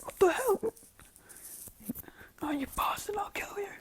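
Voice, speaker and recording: A man voicing a hot-headed teenage boy rival, furious and boastful, in a strained, high, whispery yell. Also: moderate pace, gravelly.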